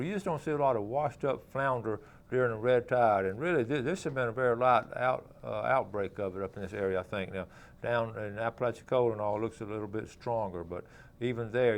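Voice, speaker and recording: A man hosting a local fishing show, chatting and demonstrating step by step in a folksy way, often ending sentences with "okay?". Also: fairly low pitch. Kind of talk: casual how-to demonstration and chat.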